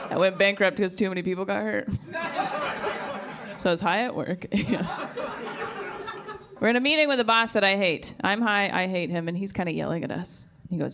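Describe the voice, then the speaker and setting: A woman's voice: mid-range voice, normal speed, pauses often. A woman in her thirties doing stand-up, chatty and giggly, often asking the crowd questions. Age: 30s. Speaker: stand-up comedian. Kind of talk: stand-up comedy set. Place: comedy club stage. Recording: live club recording with crowd. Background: audience laughing.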